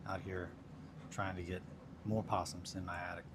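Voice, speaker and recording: A man with a lowish voice chats casually while he glues and builds miniatures on a hobby stream. He tells his stories in a rambling, self-deprecating way. A steady hum of background noise sits under his voice. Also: moderate pace. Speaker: hobby livestream host.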